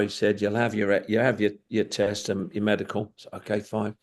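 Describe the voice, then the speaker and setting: A man's voice: fairly low pitch, completely flat delivery, moderate pace, few pauses. An older man, a retired footballer telling rambling stories and acting out the old dialogue. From England. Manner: rambling, acts out quoted dialogue, chuckles. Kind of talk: storytelling anecdotes.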